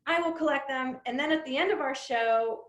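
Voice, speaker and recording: Woman webinar host, slightly high voice, chatty and upbeat, echoey room sound. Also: a little fast. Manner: chatty, upbeat, many "um" fillers. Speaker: head of community, webinar host.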